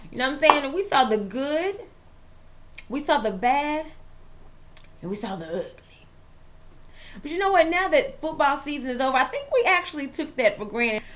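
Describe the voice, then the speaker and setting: A woman's voice: high voice, moderate pace, pauses often, a little hiss or hum. A woman hosting a chatty football vlog, playful and dramatic. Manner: lively, playful, dramatic asides. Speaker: vlog host and author.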